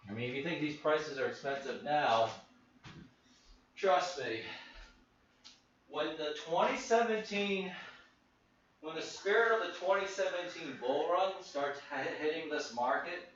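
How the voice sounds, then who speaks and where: A man's voice: fairly high pitch, reverberant, dull audio, slight background noise. A man chatting casually on a stream about markets, slightly out of breath, wandering from thought to thought with lots of restarts. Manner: meandering, many restarts, thinks aloud. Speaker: crypto and stock market streamer. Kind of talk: casual rambling livestream talk.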